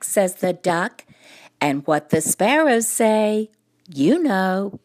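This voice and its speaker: A woman reciting nursery rhymes in a playful sing-song, sometimes making animal noises or dropping to a hush. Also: low-pitched, animated, slow, no room sound, studio quality. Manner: playful, animal noises and soft hushed passages. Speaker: children's rhyme performer.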